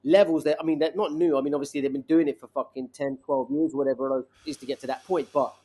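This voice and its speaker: A man's voice: medium pitch, fairly even intonation, fast talker, mellow. A man in his forties, a guest rapper in casual podcast chat, laid-back and sweary, full of street slang and trailing restarts. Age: 40s.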